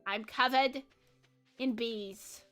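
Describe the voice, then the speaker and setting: A stiff, overdone cockney voice, put on by a woman with a bright, sharp edge. The mock British accent lands a little lower than her own voice, with clipped, self-mocking delivery. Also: drawn-out words, smooth, soft background music. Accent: mock British, put on badly.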